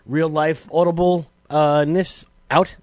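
A man's voice: a little high, flat delivery, takes it slowly, darkish tone, no echo, clean studio sound. A man co-hosting a radio show, bantering loosely and joking with restarts. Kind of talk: casual banter.

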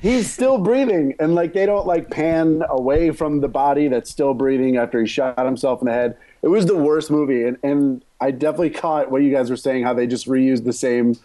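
Male podcaster, mellow tone, rambling and jokey, casual movie talk. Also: medium pitch, a little fast, hardly any pauses. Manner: rambling, self-interrupting, joking.

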